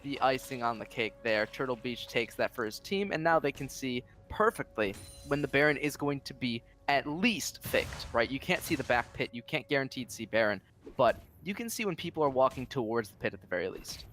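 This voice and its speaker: A man's voice: medium pitch, animated, brisk, a bit bright. A man giving color commentary on an esports match, explaining the play and tagging points with "right?". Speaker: esports analyst.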